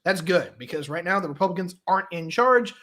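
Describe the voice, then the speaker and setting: A man's voice: high voice, animated, fairly quick, fairly bright tone. A man giving blunt, opinionated political commentary in a crude, outspoken way. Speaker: political commentator in a played clip.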